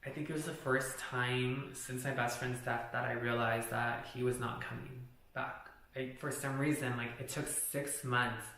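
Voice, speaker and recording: A young man recounts a personal story in a blunt, profane, candid way. His voice is gravelly and bright. The recording has a very roomy echo around it. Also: mid-range voice. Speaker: vlogger. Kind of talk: storytime vlog. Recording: very echoey room.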